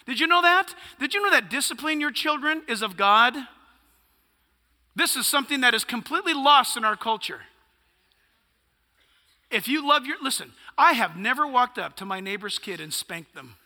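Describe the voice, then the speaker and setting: A man's voice: very high voice, expressive, moderate pace, pushed and bright, long reverb tail. A male pastor preaching a sermon, emphatic and punchy, firing off rhetorical questions.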